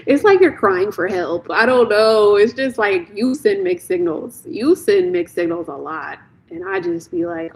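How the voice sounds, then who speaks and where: A woman's voice: medium pitch, big pitch swings, unhurried, a little mellow, slight background noise, low-quality recording. A young woman reading tarot on a live stream, talking casually and bluntly, repeating phrases as she vents to a viewer.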